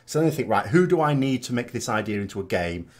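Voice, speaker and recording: A man's voice: mid-range voice, sing-song, fast talker. A British man chatting casually as a gaming vlogger, reading out viewer comments and answering them with rambling asides and tag questions.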